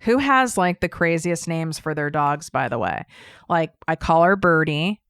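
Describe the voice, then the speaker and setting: Middle-aged woman host, blunt and casual, slightly low, smooth clear tone. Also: animated, a little slow, a bit bright, no room sound, studio quality. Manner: blunt, chatty, swears casually. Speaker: host and business coach. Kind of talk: casual direct-to-camera talk.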